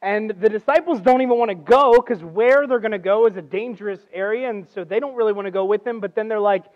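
High-voiced man preaching in a church. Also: fast, few pauses, narrow, tinny audio. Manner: conversational storytelling, acts out quotes, swings from loud to hushed. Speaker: guest preacher. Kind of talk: sermon.

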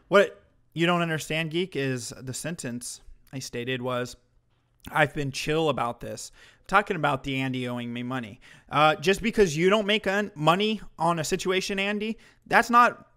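A man's voice: on the high side, fairly bright tone. A man streaming commentary to his chat, ranting in a heated, mocking way with heavy swearing.

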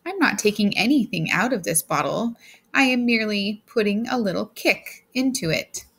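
A woman's voice: medium pitch, animated, moderate pace, a bit bright, breathy edge. A woman reading the part of a ruthless, smug businessman husband, speaking coldly and harshly with a gloating edge.

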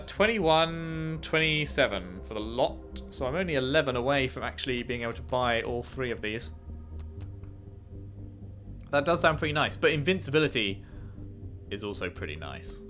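A man's voice: on the high side, fairly bright tone. A man giving casual let's-play commentary, chatty and playful, reading menus aloud and bantering with the game. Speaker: gaming commentator.

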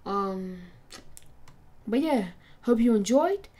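A woman's voice: on the high side, animated, slow pace, warm tone. A woman casually narrating a fan story in a slangy, profane, rambling way.

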